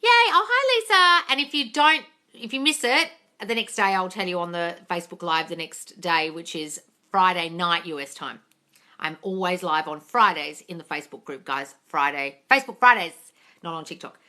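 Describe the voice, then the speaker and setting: A woman's voice: lowish voice, normal speed, sharp tone. A woman coach chatting casually on a live phone stream, greeting viewers and swearing freely. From England. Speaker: manifesting coach.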